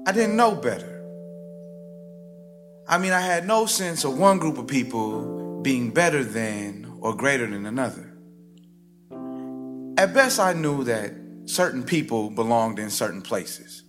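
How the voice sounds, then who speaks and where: A man performing a personal story live on stage, with a rhythmic, theatrical delivery that swings sharply in pitch and loudness. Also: animated, measured pace, long pauses. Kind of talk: live spoken-word storytelling. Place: stage before a live audience. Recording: live stage recording with music bed underneath.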